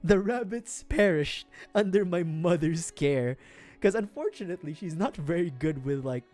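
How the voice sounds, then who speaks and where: A man's voice: a little high, expressive, normal speed, darkish tone, soft background music. A man from the Philippines, streaming, telling a story casually, laughing often and swearing freely.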